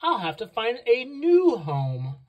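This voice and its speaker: A woman voicing a little young male owl chick, homesick and gentle, in a soft, plain storybook voice. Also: fairly high pitch, wildly swooping pitch, takes it slowly, muffled recording, full character voice.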